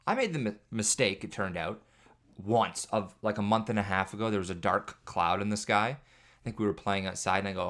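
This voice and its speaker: A man with a fairly low voice hosts a podcast as a solo, casual comedic monologue. He rambles from one parenting story to the next, joking and exaggerating as he goes. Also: normal speed, a bit bright. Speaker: podcast host.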